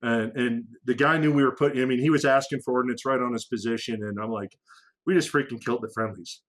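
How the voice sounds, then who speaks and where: A middle-aged man, a former fighter aircrew member, telling war stories in a casual podcast interview. He talks with lots of restarts and casual military slang, and jumps into loud, raised voices when he acts out radio calls. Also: mid-range voice, fast. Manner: animated storyteller who acts out radio calls with sudden loud raised lines.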